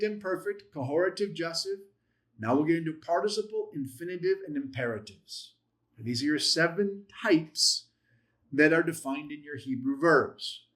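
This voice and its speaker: A man teaching a Bible class on Hebrew verbs, his voice sitting a little high for a man. He talks with strong emphasis, pushing some words out loudly and dropping others to near a murmur. When he reads scripture aloud he acts it out, lifting his pitch for the quoted lines. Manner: emphatic, swings loud and soft for stress. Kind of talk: Hebrew grammar lesson.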